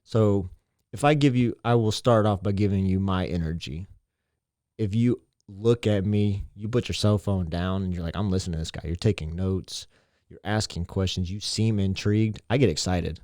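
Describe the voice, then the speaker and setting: A man's voice: low voice, moderate pace, a little mellow, no echo, studio quality. A man, a teacher and mentor, talking earnestly and reflectively in a casual interview, often repeating himself. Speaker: teacher and mentor, podcast guest.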